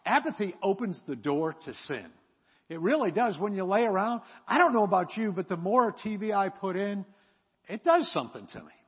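A man's voice: high voice, lively intonation, moderate pace, slightly rough. A man preaching, telling a rambling story with self-mocking humor. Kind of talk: sermon storytelling. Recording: echoey hall, dull sound.

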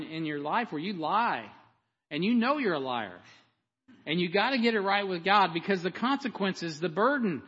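A man preaching a sermon with passion, swinging between loud emphasis and hushed storytelling. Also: fairly high pitch, slightly rough. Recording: dull, echoey hall.

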